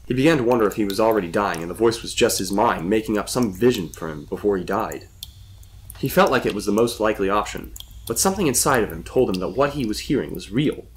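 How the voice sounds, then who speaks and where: A man reading a suspenseful story as a storyteller with steady narration. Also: fairly low pitch.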